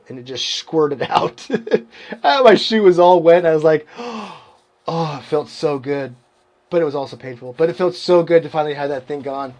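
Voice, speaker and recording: A man's voice: on the high side, darkish tone. Rambling man telling a race story. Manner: rambling, self-mocking, laughs at himself. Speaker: podcast guest. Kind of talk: casual storytelling.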